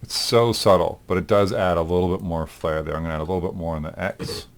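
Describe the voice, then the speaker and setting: Low-voiced male instructor thinking aloud. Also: fast talker, creaky, soft background music. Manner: thinks aloud, relaxed, with frequent ums. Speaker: animation instructor. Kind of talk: recorded lecture demonstrating software.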